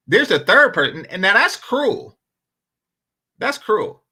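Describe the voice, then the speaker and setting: Brief: male commentator, casual and profane, bright tone, very lively intonation. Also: high-pitched, takes it slowly, pauses often, breathy edge. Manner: animated, profane storyteller. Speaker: panel commentator.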